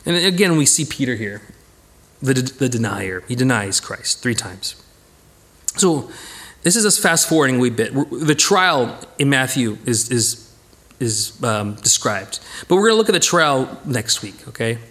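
A man teaching a casual Bible study, who talks in a lively way and acts out the people in the story. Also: mid-range voice, measured pace. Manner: animated, acts out voices of the characters.

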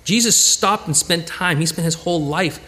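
A man with a fairly high voice preaching a sermon from the pulpit. He talks in a lively, animated way. He restarts his sentences often and fills pauses with "you know.". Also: long reverb tail. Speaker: pastor.

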